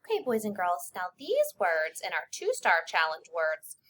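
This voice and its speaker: A woman teacher leading young children through a spelling lesson, sounding out letters and sounds slowly and clearly. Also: lowish voice, wildly swooping pitch, a bit bright.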